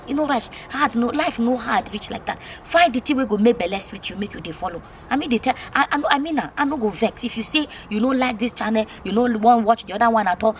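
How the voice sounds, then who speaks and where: Nigerian pidgin lady vlogging, talks quick, highish voice, bit of hum behind. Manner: chatty, repetitive, emphatic. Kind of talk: casual Pidgin vlog talk.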